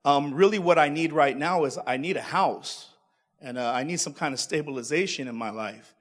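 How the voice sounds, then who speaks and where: A man's voice: a little high, normal speed, natural voice. A man voicing a boy who grows into a tired old man, offhand and dismissive.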